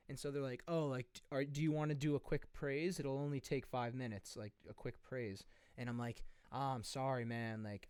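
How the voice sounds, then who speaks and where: A man's voice: mid-range voice, a little mellow, clear, resonant tone, dry recording, studio quality. A young man in his twenties, a podcast co-host, telling a rambling story with lots of swearing. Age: 20s. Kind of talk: casual chat.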